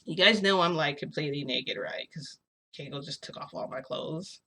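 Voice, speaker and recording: A woman's voice: deep voice, moderate pace, sharp tone. A young adult woman telling a story as a casual vlogger. She rambles, hesitates and fills her speech with "like". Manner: rambling, filler-heavy, hesitant.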